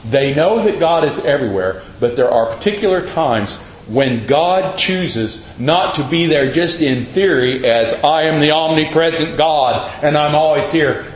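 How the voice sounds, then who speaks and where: A male preacher delivers a folksy, conversational sermon in a slightly high voice, slipping into the voices of the people he quotes. The sound is roomy and a little dull, with faint ambience behind him. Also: slight background noise.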